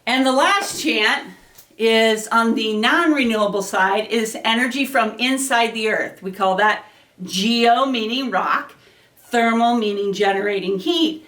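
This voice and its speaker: A woman energy educator teaching children, explaining each source and leading them through slow rhythmic chants. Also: fairly high pitch, fairly bright tone. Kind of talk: classroom lesson with chants. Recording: echoey room, mic at a distance.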